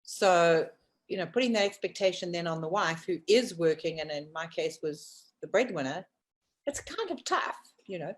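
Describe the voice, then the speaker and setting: A woman's voice: animated, moderate pace. A middle-aged woman co-hosting a casual talk show, chatting and telling stories. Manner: chatty storyteller, doing squeaky voices for animals in a joke. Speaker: co-host. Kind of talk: casual chat.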